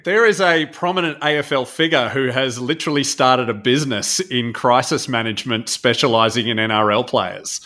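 Man, Australian accent, podcast co-host, bright forward voice, dry casual chat. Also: medium pitch, normal speed, hardly any pauses.

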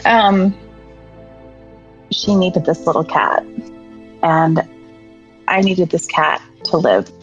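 A middle-aged woman candidly telling a personal story in an earnest, emotional way. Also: fairly low pitch. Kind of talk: personal story told to an audience. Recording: slightly dull sound, faint music behind.

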